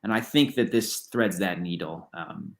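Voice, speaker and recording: Man, fairly low voice, writer being interviewed, rambling casual talk. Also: unhurried, creaky. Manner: rambling, with many restarts and "like". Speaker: writer, podcast guest.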